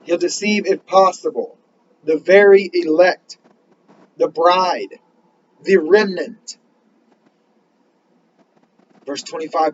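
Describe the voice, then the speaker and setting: Earnest male preacher, high-pitched, builds to emphatic questions and reads scripture slowly; muffled recording. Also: a little hiss or hum. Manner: reads scripture slowly in King James wording. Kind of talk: sermon.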